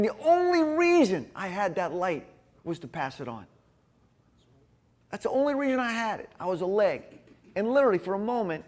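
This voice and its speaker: Animated male group leader, higher voice, storytelling to a room of men. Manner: storytelling, energetic, acts out scenes. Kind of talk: animated church talk.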